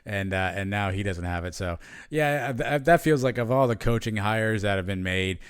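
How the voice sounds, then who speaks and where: A man co-hosts a sports podcast in a casual, chatty way, full of fillers and restarts. His voice is low and smooth. It sounds close and dry, with no room around it. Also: expressive, moderate pace, no room sound. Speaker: podcast co-host.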